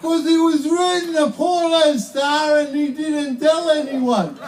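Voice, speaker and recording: An Australian man performing live stand-up comedy at an outdoor concert, with slow, deliberate delivery that breaks into shouted punchlines. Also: very high voice, steady tone, heavy background noise. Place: outdoor protest concert stage. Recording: distant live concert mic with crowd laughter.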